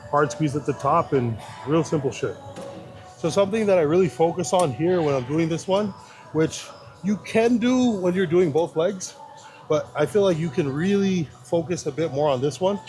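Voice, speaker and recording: A man's voice: a little high, a little mellow, low-quality recording. A man and fitness vlogger, talking casually and rambling through his explanations with fillers. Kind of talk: casual gym vlog talk. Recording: background music.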